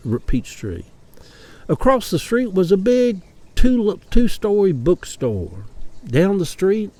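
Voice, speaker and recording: A Southern man from Atlanta rambles through a casual personal monologue, chatty and openly opinionated. His voice sits a bit high for a man but sounds dark and mellow, and it swings widely in pitch at an unhurried pace. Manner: chatty, opinionated, wry ranting. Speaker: vlogger.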